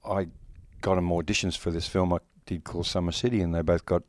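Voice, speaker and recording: Aussie guy in his 60s, cheeky swearing banter, deep-ish voice, no room echo. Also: steady tone, quick pace, studio quality. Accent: Australian. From Australia. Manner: blunt, swearing, joking banter. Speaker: actor, interview guest. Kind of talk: casual interview chat. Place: horror convention.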